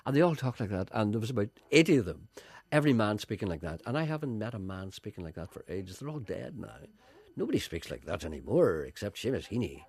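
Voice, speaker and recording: A man's voice: fairly low pitch, fast, husky, dry recording. A middle-aged man, a radio presenter chatting comically and slipping into mock voices. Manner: animated, slips into mock voices.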